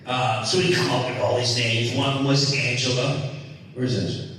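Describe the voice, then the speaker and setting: Man, middle-aged, confiding comic monologue, distant mic, echoey hall, faint rumble. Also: normal speed. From United States. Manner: animated, rambling, confiding. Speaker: comedian host.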